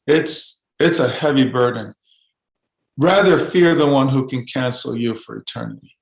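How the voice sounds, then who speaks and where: A man speaking as a podcast guest, telling his story in an earnest, halting way with frequent restarts. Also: medium pitch, echoey room, poor audio. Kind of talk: podcast interview testimony.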